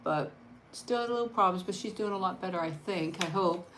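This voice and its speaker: A woman hosting a casual eat-and-chat livestream, talking softly and rambling, with frequent laughs. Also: mid-range voice, brisk, slight background noise. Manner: chatty, soft-spoken, rambling, laughs often. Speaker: mukbang channel host.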